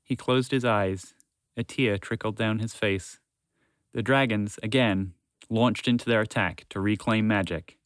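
A man's voice: lowish voice, measured pace, clean tone, dry recording, studio quality. Man narrating a children's story. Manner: lively, with varied voices.

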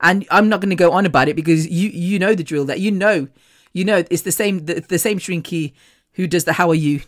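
A little fast and fairly low-voiced, a woman recounts a personal story on her podcast. Her relaxed storytelling is open and talkative, punctuated by frequent laughs between sentences.

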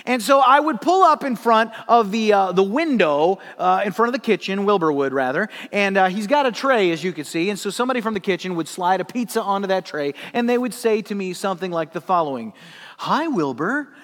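A male pastor preaching with a fairly high voice and lively storytelling, breaking into laughing asides. His voice carries a long reverb. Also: fairly quick, hardly any pauses. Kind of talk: sermon.

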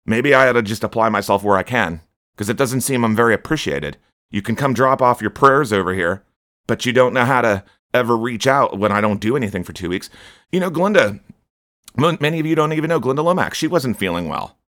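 A man's voice: medium pitch, animated, brisk, a bit bright, dry recording, clean studio sound. A man preaching a stern, scolding sermon on his podcast, rebuking his listeners.

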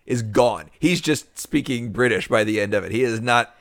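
A man's voice: mid-range voice, normal speed, fairly bright tone, no room sound, studio quality. A man co-hosting a podcast in casual chat, wry and joking with mock-dramatic asides. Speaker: podcast co-host.

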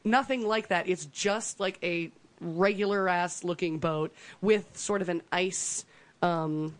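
A woman's voice: lowish voice, slow. A woman co-hosting a podcast, telling a survival story in a chatty, laughing way. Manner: chatty, laughs often, lots of ums and likes. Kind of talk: casual storytelling chat.

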